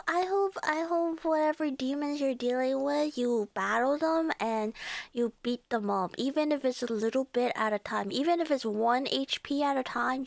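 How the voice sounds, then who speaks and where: A woman's voice: sits high, gravelly, no room sound. A young woman streamer chatting casually with her live viewers, laughing often and greeting chat by name.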